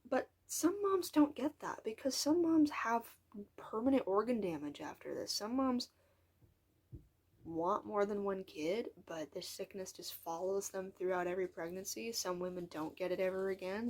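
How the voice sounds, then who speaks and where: An eighteen-year-old woman rambles through a casual vlog monologue, speaking frankly and with frustration and slipping into whispered asides. Her voice is mid-range, husky, and darkish in tone.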